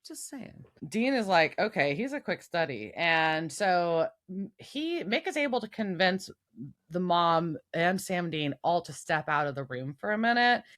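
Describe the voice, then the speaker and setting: A woman's voice: fairly low pitch, big pitch swings, measured pace, fairly bright tone. A woman co-hosting a podcast, recapping an episode in casual chat and laughing often. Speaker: podcast co-host.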